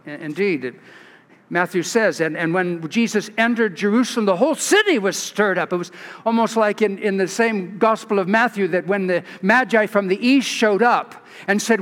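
A man from California, a pastor giving an expressive storytelling sermon with restarts and asides. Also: sits high. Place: large church. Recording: long church reverb.

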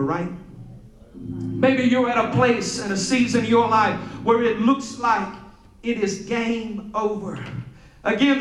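High-voiced preaching pastor in a roomy hall. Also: male voice, distant mic. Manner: preaching with rising chanted, sing-song intensity; drops low and soft for quoted scripture. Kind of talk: sermon. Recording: roomy church hall with music behind.

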